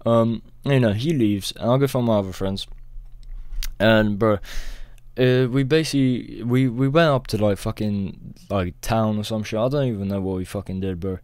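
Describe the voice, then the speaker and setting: A man's voice: lowish voice, normal speed, a little mellow, no echo. A young man telling a rambling, profane storytime as a vlogger, peppering his talk with "bro". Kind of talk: casual storytime.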